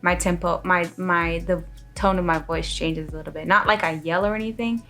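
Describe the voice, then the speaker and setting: Woman vlogger, lower voice, chatty, faint music behind. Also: fairly even intonation, moderate pace. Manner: chatty, laughs often, sometimes loud. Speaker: vlogger, wife. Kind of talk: casual couple chat.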